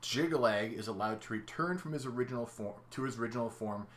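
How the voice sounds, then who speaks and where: A man's voice: mid-range voice, quick pace. A man co-hosting a chatty podcast, explaining at length and laughing easily. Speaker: podcast co-host explaining game lore. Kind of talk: casual podcast chat.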